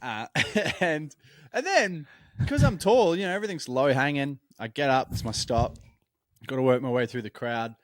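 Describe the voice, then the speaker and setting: A young man, co-hosting a casual podcast and telling stories in a lively, swearing, laughing way. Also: medium pitch, moderate pace, no room sound, clean studio sound. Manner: animated storytelling, swears freely. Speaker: podcast co-host. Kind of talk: casual chat.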